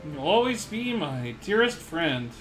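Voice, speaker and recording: A man voicing an earnest young male protagonist with a steady, even reading, in a fan playthrough of a visual novel. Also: a little high, a little slow, over loud music, rough recording. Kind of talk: voice-acted game reading.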